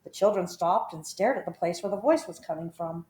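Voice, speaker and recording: A woman with a lowish voice reads a children's story aloud in an expressive, measured way. Her voice echoes around a roomy space. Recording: roomy echo.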